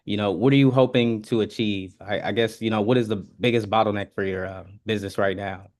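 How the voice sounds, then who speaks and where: A man's voice: on the low side, steady tone, a little fast, darkish tone. A man practicing a sales opener on a video call, hesitant and often starting over. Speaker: sales trainee.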